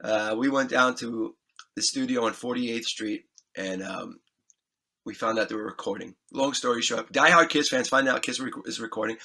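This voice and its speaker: A man being interviewed as a musician, telling an animated, excitable anecdote, acting out scenes and swearing freely. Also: medium pitch, moderate pace. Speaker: guest musician.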